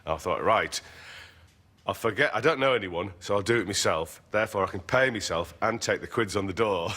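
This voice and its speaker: A man's voice: on the low side, fairly quick, sharp tone. A man, a comedian telling dry, rambling anecdotes in a casual interview and chuckling at his own stories. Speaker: comedian guest.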